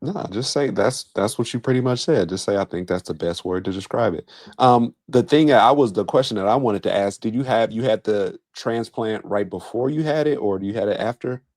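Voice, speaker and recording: Deep-voiced male host, dry sound. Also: fairly quick, a little mellow, dry recording. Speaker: podcast host. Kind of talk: interview conversation.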